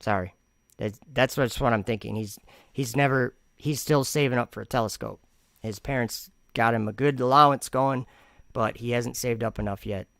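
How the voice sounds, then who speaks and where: A man's voice: medium pitch, normal speed, vocal fry, fairly bright tone, dry recording, clean studio sound. A man hosting a commentary vlog, reacting to comments in an argumentative, sarcastic way and rambling with frequent restarts. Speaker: channel host.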